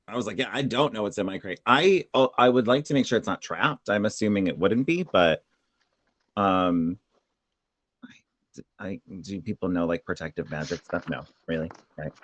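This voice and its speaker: Low-voiced joking tabletop player. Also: male voice, normal speed, a bit bright. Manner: chatty, self-mocking, in-character musing. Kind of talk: tabletop game chat.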